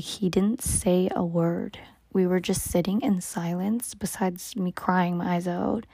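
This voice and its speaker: A young woman recounts a personal story in a casual, confiding way, her voice mellow and dark with a gravelly fry at the edges. She keeps slipping into a soft half-whisper, with a lot of "like" along the way. The sound is dry and close, with no room around it. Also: mid-range voice, dry recording. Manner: often drops into a soft half-whisper, many filler "like"s.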